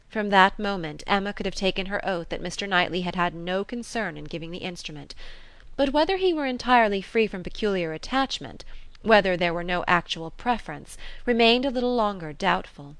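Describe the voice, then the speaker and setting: A woman narrating an audiobook of a classic novel in a measured, even manner. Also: medium pitch, no echo.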